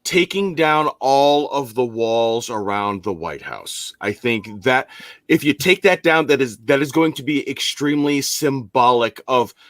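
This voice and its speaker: A man's voice: mid-range voice, lively intonation, a little slow, a bit bright, no echo. Hesitant man co-host, dry sound. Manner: hesitant, full of restarts. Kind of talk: casual panel chat.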